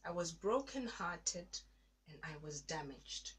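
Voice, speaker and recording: A woman's voice: on the low side, expressive, slow pace, a bit bright, husky. A woman in her thirties sharing a personal story in an interview, getting emotional as she acts out her past prayers. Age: 30s. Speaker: guest.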